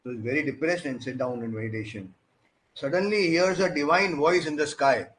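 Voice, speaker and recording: A man giving a storytelling sermon as a preacher, animated and often asking questions of his listeners. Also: fairly high pitch, a little fast, slight background noise. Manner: animated, with many "you know" fillers and questions to the audience.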